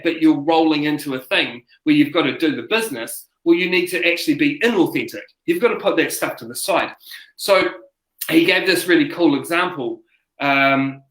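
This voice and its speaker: A man, a speaker coach chatting as an interview guest, telling stories animatedly with frequent restarts. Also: a little high. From New Zealand. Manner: animated storyteller, acts out quotes, many restarts. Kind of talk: casual interview chat. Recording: roomy echo.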